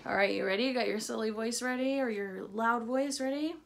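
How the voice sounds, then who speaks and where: A woman's voice: on the high side, creaky, slight background noise. Cheerful woman teaching kids math. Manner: bright, playful and encouraging, talks straight to kids; slow, drawn-out counting aloud. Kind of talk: video math lesson for young children.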